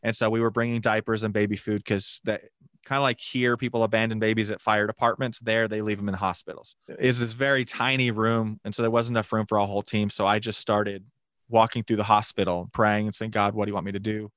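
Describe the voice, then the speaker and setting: A man telling a lively mission story in a casual, animated way, laughing now and then. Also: fairly low pitch, a little fast, no room sound, clean studio sound.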